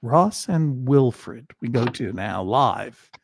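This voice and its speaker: A man's voice: medium pitch, expressive, slow pace, creaky, a little hiss or hum. A man hosting a casual online talk show, playful and rambling, with absurd asides. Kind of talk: casual video chat.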